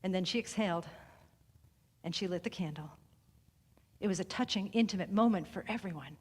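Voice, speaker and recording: A woman delivering a sermon through a story, speaking in a measured, deliberate way with long pauses and softened phrases. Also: on the low side, slightly rough. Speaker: speaker at a spiritual center service. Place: sanctuary hall. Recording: reverberant hall recording.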